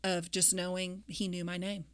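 A mother talking about faith and grief in an interview, speaking reflectively and haltingly with many fillers. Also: fairly low pitch, level tone. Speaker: guest; grieving mother.

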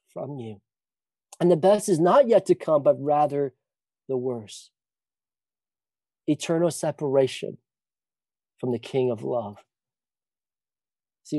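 A man's voice: a little high, expressive, measured pace, pauses often, mellow, no room sound. A man preaching a sermon, talking earnestly with many restarts and asides. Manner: earnest preaching with frequent restarts and "you know". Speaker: pastor. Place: church retreat service.

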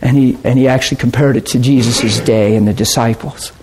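A man preaching a sermon and telling stories, swinging from loud excitement to hushed, quiet asides. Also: medium pitch, brisk, husky. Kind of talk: sermon storytelling.

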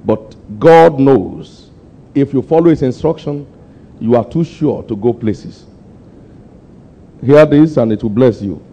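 An older man preaching a sermon, pushing his people for answers and climbing to sudden high, emphatic peaks. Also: unhurried, vocal fry, mellow. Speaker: pastor. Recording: muffled lo-fi sermon recording.

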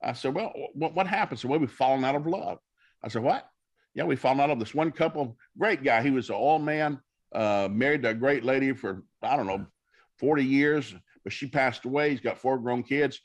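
A minister appears as a talk-show guest, telling stories in a folksy, preacherly way and acting out what people said. His male voice is mid-range and brisk.

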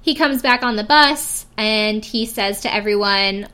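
A woman's voice: mid-range voice, a little slow, hardly any pauses, pushed and bright, clean tone. A young woman hosting a casual podcast, recapping a reality show in a chatty, giggly way, full of "like" and "um". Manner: chatty, giggly, heavy use of "like" and "um". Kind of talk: casual chat.

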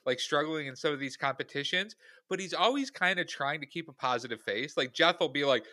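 Bright-voiced man in dry close-up. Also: a little high, brisk, dry recording. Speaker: podcast co-host. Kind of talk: casual chat.

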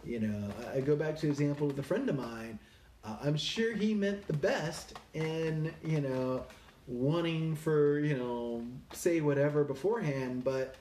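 A man musing casually about a weekend event, rambling with many fillers and pauses. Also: on the high side, animated, warm tone, recorded from a distance, slight background noise. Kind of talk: casual personal reflection. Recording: roomy echo, a bit off-mic.

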